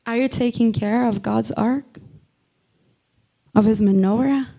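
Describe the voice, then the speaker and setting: A woman's voice: on the high side, unhurried, gravelly, dark tone. A woman preaching a sermon, impassioned, repeating lines for emphasis and calling out members by name.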